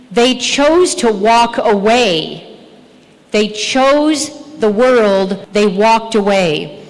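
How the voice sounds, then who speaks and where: A woman giving a church health talk, earnest and asking her listeners questions. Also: mid-range voice. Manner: earnest, asks the audience questions. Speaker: health speaker. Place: church hall. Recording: long hall reverb.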